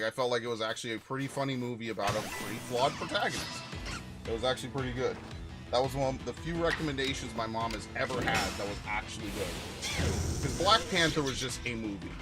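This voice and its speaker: Young man, casual gameplay commentary, rambling, swears a lot, average pitch, clear game music underneath. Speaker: gaming channel host.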